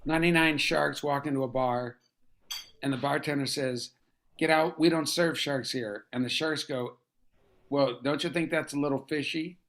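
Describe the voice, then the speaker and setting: A man telling improvised jokes over a video call in a laid-back, even way. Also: a little high, moderate pace. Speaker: improv performer.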